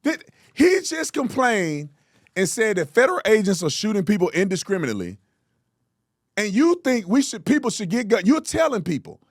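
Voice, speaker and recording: A male commentator reacting to clips with loud, mocking energy. His voice sits high and swoops widely in pitch. The sound is dry and close. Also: huge pitch swings, normal speed, dry recording. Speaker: host.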